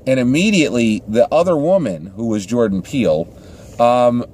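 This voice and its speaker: Man, casual movie review, rambling, restarts sentences, mid-pitched voice. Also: lively intonation, moderate pace, a little mellow, husky. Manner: rambling, restarts sentences, keeps asking "right?". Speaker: film reviewer.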